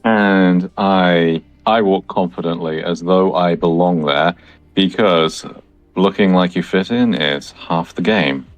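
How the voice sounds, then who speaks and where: A man playing in a tabletop game, describing his character's actions in a slow, theatrical way. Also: sits low, no room sound. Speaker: player. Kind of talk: tabletop role-play.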